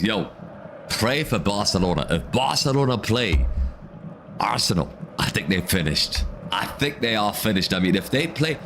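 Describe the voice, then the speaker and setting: A man doing live football reaction commentary as a watch-along streamer, excitable and ranting, often repeating himself. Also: on the low side, background noise.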